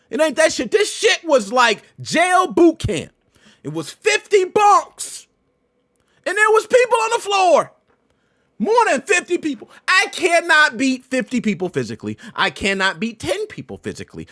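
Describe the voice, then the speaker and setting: A man hosting a podcast with a high, bright voice. His pitch leaps all over as he talks, loud and profane. He tells stories with big swings from low mutters to excited shouts. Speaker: podcast host. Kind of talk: animated storytelling commentary.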